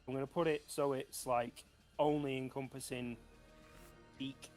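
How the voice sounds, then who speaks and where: A man's voice: mid-range voice, little pitch movement, unhurried, a little mellow, soft background music. Man reading out spell rules. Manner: thinks aloud, reads spell rules, works out dice sums. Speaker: player. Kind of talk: casual tabletop game talk.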